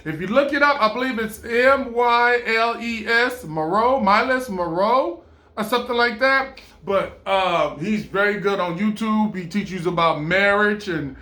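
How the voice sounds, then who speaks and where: A man talking in a rambling, casual monologue, animated and stammering, often laughing and breaking into playful impressions. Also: high-pitched, a little slow, roomy sound.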